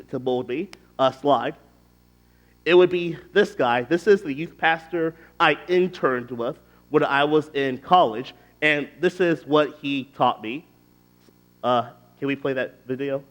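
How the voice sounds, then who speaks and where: A man's voice: fairly high pitch, measured pace. A man speaking as a youth pastor, telling personal stories to a youth group in a loose, chatty way full of fillers and restarts. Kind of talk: casual storytelling talk to a youth group.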